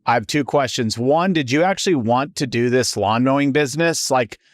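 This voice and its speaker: A man's voice: mid-range voice, moderate pace, dry recording, clean studio sound. A man hosting a podcast, asking eager, curious questions in a casual interview.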